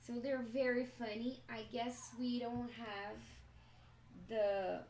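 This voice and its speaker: Woman teacher, unhurried explanatory delivery, echoey room with faint noise. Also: fairly high pitch, fairly even intonation, a little mellow. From Brazil. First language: Portuguese. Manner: slow, explanatory, checks in with "okay?". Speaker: English teacher. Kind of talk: live-stream language lesson.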